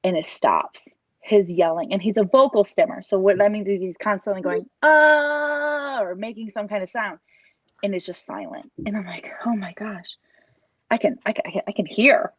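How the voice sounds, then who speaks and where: A woman's voice: medium pitch, steady tone, brisk, a little mellow, no room sound, highs cut off. A woman in her thirties telling an emotional personal story about her son, earnest and rambling, full of restarts and quoted thoughts. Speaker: parent giving a testimonial.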